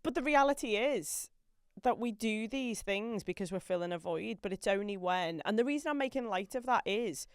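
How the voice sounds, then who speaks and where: A woman's voice: medium pitch, lively intonation, moderate pace, clean tone, no echo, clean studio sound. A middle-aged woman hosting a podcast, talking frankly and earnestly in casual chat. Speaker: podcast host, property investment trainer.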